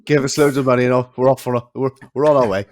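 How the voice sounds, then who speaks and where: A man's voice: mid-range voice, little pitch movement, very fast, heavy background noise. A young man co-hosting a podcast, chatting casually, giggly and easily amused. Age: young adult. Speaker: podcast co-host. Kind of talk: casual chat.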